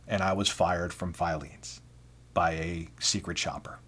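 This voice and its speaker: A man's voice: fairly low pitch, a little fast, a bit bright. A man telling personal work stories to camera in a casual, blunt, self-deprecating way. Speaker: vlogger. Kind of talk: casual storytelling.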